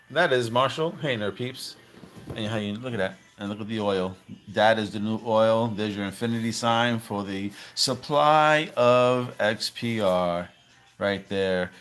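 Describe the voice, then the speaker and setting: A man giving excited, slangy commentary over cartoon clips, repeating himself and calling out to viewers. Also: medium pitch. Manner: hyped, slangy, repeats phrases, calls out "baby" and "fam". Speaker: crypto commentator.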